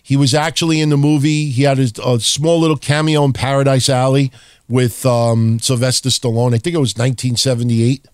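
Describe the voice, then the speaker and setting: A man's voice: mid-range voice, steady tone, clear, resonant tone, no room sound, studio quality. A middle-aged man hosting a wrestling podcast, talking bluntly and swearing freely in casual chat. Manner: blunt, profane, rapid-fire wrestling talk. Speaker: podcast host.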